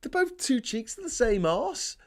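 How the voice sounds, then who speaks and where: A man's voice: very high voice, big pitch swings, unhurried. A man hosts a casual live stream, working through the day's news and viewers' comments. He talks in a rambling, sardonic way and often drifts into rants.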